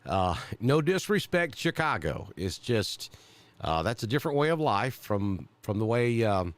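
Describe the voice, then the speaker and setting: A man's voice: fairly low pitch, very animated, a little slow, dry recording. A man from central Alabama with a Southern accent, giving live storm coverage as a weather broadcaster and thinking aloud with many fillers.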